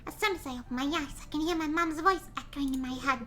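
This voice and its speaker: Woman doing a squeaky bright game detective guy narrating his morning, weary. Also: fast talker, faint music behind. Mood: dry. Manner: reads the game's narration aloud in character.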